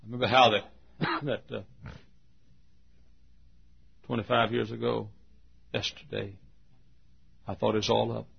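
Older preacher guy, gravelly and husky, coughing a lot, muffled old tape. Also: on the low side, level tone, measured pace, long pauses. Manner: folksy, humorous, coughing often. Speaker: pastor. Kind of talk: sermon storytelling. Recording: dull lo-fi recording.

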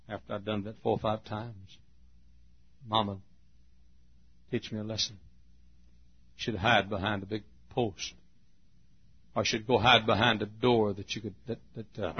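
A man preaching a folksy storytelling sermon, dropping to hushed tones and rising again, on a lo-fi recording. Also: on the low side, slightly rough. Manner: folksy, swings from hushed to loud.

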